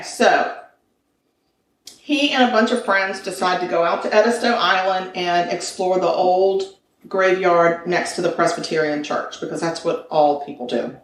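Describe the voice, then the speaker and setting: A woman co-host tells a spooky story in a chatty, animated way, breaking off for asides and correcting herself. She sounds set back from the mic. The room around her has a noticeable echo. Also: lowish voice, a little hiss or hum. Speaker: podcast co-host. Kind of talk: casual chat, telling a ghost story. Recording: roomy sound from a distant mic.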